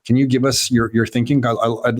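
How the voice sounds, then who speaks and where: A man's voice: medium pitch, level tone, quick pace. A man hosting a podcast interview, eager and encouraging, talking casually with lots of fillers and restarts. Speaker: podcast host. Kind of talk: conversational interview.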